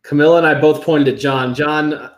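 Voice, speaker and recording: A man hosting a livestream panel show, talking in a quick, jokey, upbeat way. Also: on the high side, fairly even intonation. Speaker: host.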